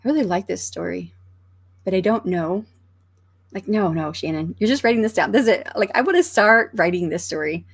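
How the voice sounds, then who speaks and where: A middle-aged American woman with a medium-pitched, husky voice hosts a casual writing livestream from home, sounding animated and fairly quick. She rambles and thinks aloud while reading viewer comments aloud as an author host.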